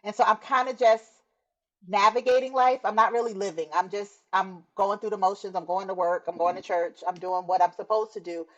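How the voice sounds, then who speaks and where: This guest's mid-range voice stays steady as she moves briskly through her testimony, and the highs in the audio are cut off. The middle-aged woman narrates conversationally and warmly, laughing and voicing other people's words.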